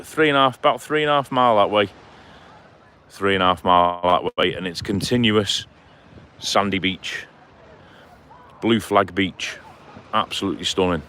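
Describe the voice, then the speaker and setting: A man's voice: on the low side, fairly bright tone. Friendly male vlogger, chats matily to his live viewers while walking outdoors on a phone. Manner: chatty, matey, addresses viewers by name. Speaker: live-stream vlogger reading chat. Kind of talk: casual live-stream chat while walking. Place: outdoors on a seaside clifftop walk.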